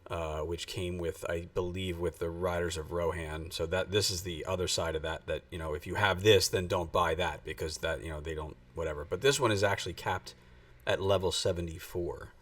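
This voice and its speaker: A man's voice: sits low, steady tone, fairly quick, a bit bright. A man streaming a game, chatting casually and rambling with lots of fillers as he thinks aloud. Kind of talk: casual live-stream gaming chat. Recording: voice distant from the mic.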